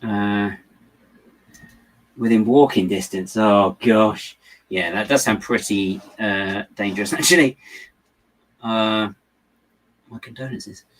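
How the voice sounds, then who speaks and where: Building LEGO at home on a livestream, a young man chats casually with viewers in a rambling, self-amused way. His voice is fairly low and steady, and he speaks slowly with long pauses.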